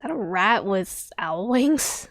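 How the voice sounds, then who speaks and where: A woman's voice: mid-range voice, animated, takes it slowly, a bit bright, no room sound, studio quality. A woman live-streaming her reaction to a game showcase, chatty with giggly asides. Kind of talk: casual live-stream commentary.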